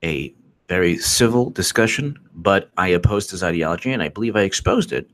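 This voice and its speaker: A man's voice: sits low, animated, brisk, fairly bright tone. A man hosting casual political commentary on a live stream, repetitive and sarcastic, often exasperated.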